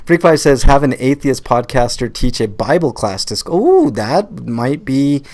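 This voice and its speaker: Animated man hosting a podcast. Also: medium pitch, unhurried. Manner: animated, swearing, repeats words when starting. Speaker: podcast host. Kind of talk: casual live podcast chat.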